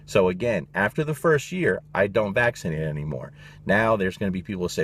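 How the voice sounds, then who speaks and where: A man's voice: low-pitched, lively intonation, brisk, fairly bright tone, a little hiss or hum. A man, a dog trainer, giving his opinions in a blunt, emphatic casual monologue, swearing freely.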